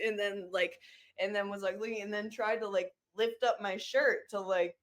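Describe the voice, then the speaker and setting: A woman in a casual group call, retelling a story haltingly and repeating her phrases. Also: medium pitch, steady tone.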